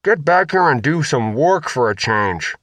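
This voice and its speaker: A man's voice: mid-range voice, sing-song, takes it slowly, slightly rough, no room sound, exaggerated voice. A man voicing a sarcastic, combative teenage girl in an audiobook. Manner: loud, sarcastic.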